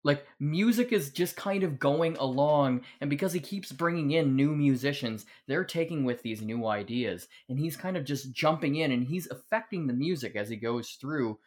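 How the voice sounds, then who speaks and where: A man on a casual podcast, telling stories in an animated way and acting out what others said. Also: a little high, normal speed, few pauses. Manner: animated storyteller, acts out quotes. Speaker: podcast guest.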